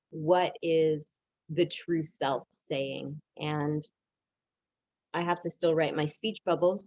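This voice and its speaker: A woman leading a yoga workshop, calm and gently humorous. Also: deep voice, dry recording, dull audio. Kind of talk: guided group workshop.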